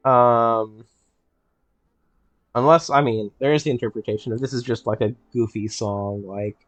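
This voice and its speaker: A man hosting a casual game let's play, reading in-game texts aloud and puzzling over them with a playful, thinking-out-loud manner. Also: medium pitch, fairly even intonation, moderate pace, dry recording, lo-fi sound, soft background music. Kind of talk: casual gameplay commentary.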